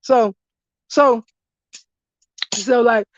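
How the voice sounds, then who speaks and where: Woman host, high voice, profane animated chat, dull lo-fi dry sound. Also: drawn-out words, slight background noise. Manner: animated, blunt and profane, laughs often. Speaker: live stream host. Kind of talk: casual profane storytelling.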